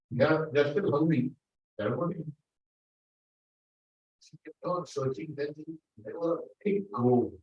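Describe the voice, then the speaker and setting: A man, a monk telling a devotional story in an unhurried sermon and acting out the quoted voices. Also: fairly high pitch. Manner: unhurried, acts out quoted voices, non-native grammar. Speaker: monk giving a talk. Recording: roomy echo, dull lo-fi sound.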